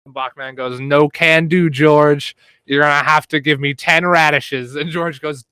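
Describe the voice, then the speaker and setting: A man's voice: a little high, unhurried, smooth, dry recording, poor audio. Joking man telling a made-up tale. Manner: loud, joking, swings between mumbles and excited shouts. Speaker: podcast co-host. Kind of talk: casual chat with improvised storytelling.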